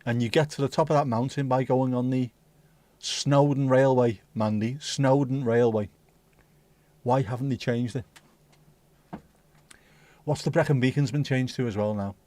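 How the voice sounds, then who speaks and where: A man's voice: medium pitch, moderate pace, long pauses, a little mellow. A man hosting a livestream, chatting casually and swearing as he reads out and banters with viewer comments. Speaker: livestream host. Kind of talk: casual chat reading out live chat.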